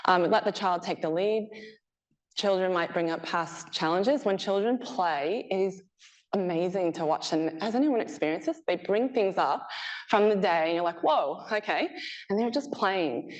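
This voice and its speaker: A woman giving a research talk to a live audience. She is chatty and animated and often laughs. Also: lowish voice, moderate pace, low-quality recording. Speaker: PhD researcher presenting her work. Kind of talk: conference presentation. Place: presentation room with a live audience.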